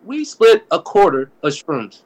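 This man co-hosts a podcast, and his voice runs on the high side at an unhurried pace. He tells casual stories with lots of laughter, stammering and starting over, and animatedly acts out what his friends said.

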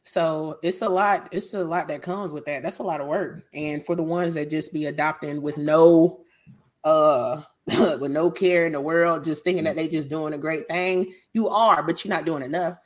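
A woman's voice: low-pitched, steady tone, moderate pace. A woman talking bluntly and with profanity in a casual podcast chat, telling stories. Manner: blunt, profane, storytelling with quoted voices.

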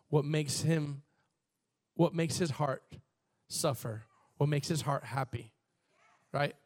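A man preaching a sermon, reading scripture aloud and calling on the congregation to respond, with bursts of emphasis. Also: fairly high pitch. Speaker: pastor.

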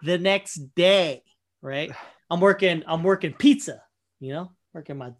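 A young man casually telling a profane, animated story, full of fillers and quoted asides. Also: fairly high pitch, measured pace. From Michigan, USA. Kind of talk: casual anecdote chat.

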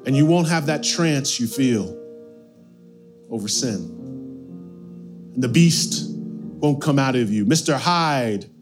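A slow-preaching man over soft music. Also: medium pitch. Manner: animated preaching, swings from loud to hushed. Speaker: pastor. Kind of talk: sermon.

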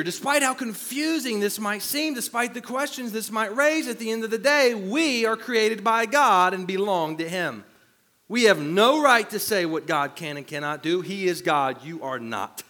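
Bright, lively male pastor preaching. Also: sits high. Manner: animated, self-deprecating humor. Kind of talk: sermon.

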